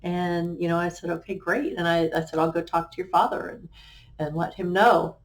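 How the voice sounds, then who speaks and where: A middle-aged woman, a life coach, sharing her personal story on a talk show in an earnest, halting way, with many fillers and restarts. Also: on the low side. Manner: quotes remembered conversations.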